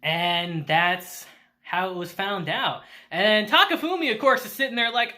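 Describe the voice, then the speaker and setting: A woman casually recapping an anime episode, laughing often and acting out the characters. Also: mid-range voice. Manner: laughs often while retelling; animated, acts out characters in quick asides. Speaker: anime reviewer.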